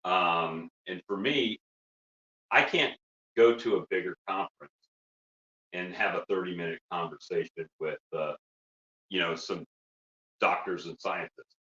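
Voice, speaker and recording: Man, casual chat, joking banter, bright tone, dull sound. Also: sits low, unhurried, long pauses, reverberant, recorded from a distance. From southern Manitoba. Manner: hams up a broad Canadian "eh" between jokes.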